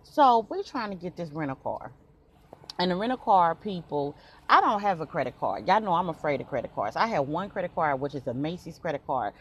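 Animated woman host, casual storytelling, lively pitch, faint background noise. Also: a little fast. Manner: animated, colloquial, talks straight to listeners. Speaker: podcast host.

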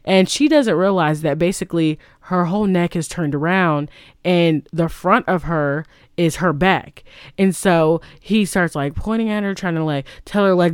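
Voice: medium pitch, moderate pace, smooth, no room sound, studio quality. A vlogger casually retelling a film plot, rambling and full of "like" and restarts.

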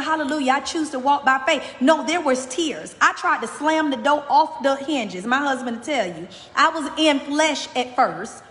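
A woman's voice: sits high, fairly bright tone, roomy sound, big-room sound. A woman hosting a motivational faith podcast, giving a fervent, preacherly message straight to her listeners.

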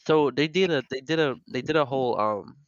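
A young man co-hosting a podcast speaks briskly in a medium-pitched voice, telling rambling, animated stories packed with laughter and restarts. It's casual banter, captured in a dry, muffled lo-fi recording.

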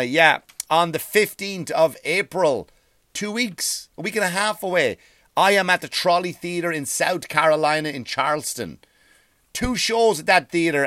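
A man's voice: fairly high pitch, a bit bright, no room sound, clean studio sound. A man, a comedian hosting his own podcast, ranting in a rambling way, swearing freely and restarting his sentences. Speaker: stand-up comedian and podcast host. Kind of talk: profane comic rant.

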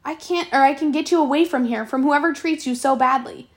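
A woman's voice: sits high, brisk, close to an everyday voice. A woman reading aloud and voicing a defiant, cocky teenage orphan boy who talks in a bold, defensive way.

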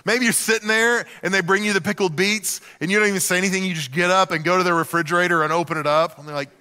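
A middle-aged man preaching a sermon to a church, telling humorous, animated stories with acted-out asides. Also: high-pitched, fast, big-room sound. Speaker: pastor.

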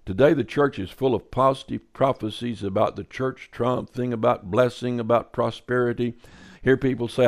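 A man giving a sermon at a mid-range pitch. He reads scripture aloud and then breaks into relaxed, wry asides. His delivery stays conversational rather than preachy. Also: moderate pace. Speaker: Bible teacher.

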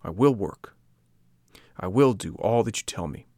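A man voicing an impulsive wooden puppet boy, excited and pleading in a storybook reading. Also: lowish voice, unhurried, dry recording, clean studio sound. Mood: earnest.

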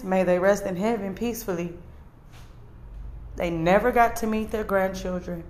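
A woman's voice: mid-range voice, steady tone, normal speed, a little mellow. A woman giving an earnest, emotional confessional monologue to camera, speaking bluntly and sometimes swearing. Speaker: vlogger.

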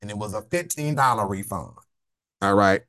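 A man's voice: lowish voice, normal speed. A man hosting a casual live chat with callers, telling stories bluntly, animatedly and with plenty of swearing. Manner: blunt, profane, animated storytelling. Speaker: host.

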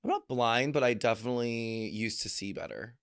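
A man's voice: mid-range voice, fairly quick, smooth. Breezy, playful man chatting. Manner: breezy, playful, rambles through plans. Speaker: podcast co-host. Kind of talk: casual chat.

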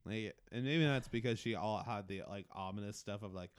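A man's voice: lowish voice, a little fast, clean tone. A man casually discussing a movie on a podcast, chatty, laughing often and jumping in to agree. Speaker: podcast co-host. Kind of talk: casual movie recap chat.

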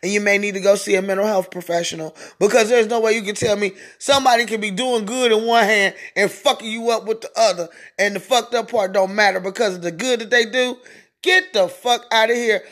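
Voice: mid-range voice, fairly even intonation, brisk, fairly bright tone. A podcast host delivering a profane, mocking solo rant, laughing often between lines.

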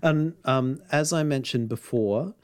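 A man's voice: mid-range voice, a little slow, clean tone. Man, podcast host, casual storytelling, lots of ums, laughs often. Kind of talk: casual chat.

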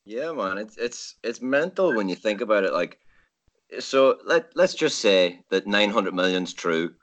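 A man's voice: lowish voice, lively intonation, measured pace, fairly bright tone, highs cut off. A man chatting casually about memories, in a chatty, incredulous way. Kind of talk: casual chat.

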